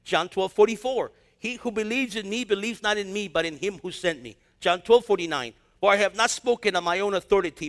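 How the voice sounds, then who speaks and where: A male pastor with a high-pitched voice preaches a sermon, reading from scripture and breaking into lively, slangy asides and acted-out dialogue.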